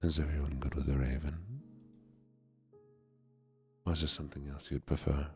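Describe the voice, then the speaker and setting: A man with a put-on German accent in a soft-spoken ASMR stream, greeting viewers and reading poetry in a hushed whisper. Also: very deep voice, flat delivery, moderate pace, faint music behind.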